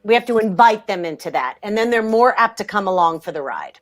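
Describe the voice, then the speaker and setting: A woman's voice: medium pitch, lively intonation, fairly quick. A woman who writes about sales, talking as an interview guest with a blunt, emphatic manner and frequent restarts. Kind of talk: conversational interview.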